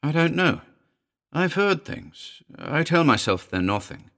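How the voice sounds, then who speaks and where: A man's voice: fairly high pitch, very animated, a little slow, fairly bright tone, pitched above the performer's own voice, full character voice. A man voicing a nervous middle-aged housekeeper who speaks jerkily and reluctantly in a ghost story reading. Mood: fearful. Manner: jerky, uneasy, pleading.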